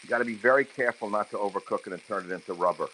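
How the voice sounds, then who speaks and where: A low-pitched, forceful man cooks in his home kitchen and talks into a handheld phone as he goes. Between cooking remarks he slides into crude, heated rants. A pan sizzles faintly behind him. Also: very fast, slight background noise, low-quality recording. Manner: ranting, crude, heated asides while cooking. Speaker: host cooking on a livestream. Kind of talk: casual cooking livestream talk. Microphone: handheld phone camera. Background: sizzling frying pan.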